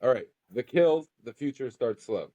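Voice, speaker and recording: A man's voice: mid-range voice, lively intonation, moderate pace, mellow, highs cut off. A man co-hosting a podcast in casual chat, goofy and crude, laughing often. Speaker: podcast co-host.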